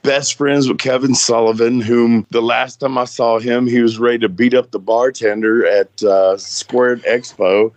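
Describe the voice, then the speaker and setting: A man's voice: medium pitch, fairly even intonation, unhurried, few pauses, dry recording. A middle-aged man hosting a podcast, talking in an earnest, emphatic way and often repeating himself. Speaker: host. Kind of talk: casual podcast chat.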